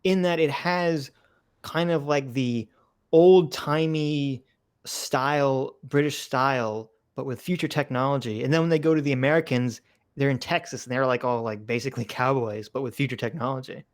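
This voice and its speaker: A man's voice: medium pitch, normal speed, clear, resonant tone. A man co-hosting a casual livestream chat, joking, laughing often and reading out viewer messages. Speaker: livestream co-host reading donations.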